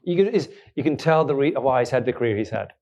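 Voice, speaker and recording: A man's voice: mid-range voice, expressive, fast, a little mellow. A man, hosting a podcast and answering audience questions at a live event, chatty and self-deprecating, often laughing. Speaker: podcast host being interviewed.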